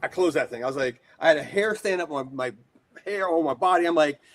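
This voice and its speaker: This is an American man in his forties, a horror collector chatting as a guest on an interview show. He tells his stories in an animated, rambling way, stacking fillers and asides. His voice sits a little higher than most men's. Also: fairly quick. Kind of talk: casual storytelling interview.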